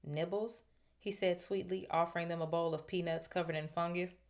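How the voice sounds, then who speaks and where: A woman with a low voice reads a novel aloud for her podcast. She breaks off into chatty, slangy commentary, then goes back to the page. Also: little pitch movement, fairly quick. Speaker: podcast host reading aloud. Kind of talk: book reading with casual commentary.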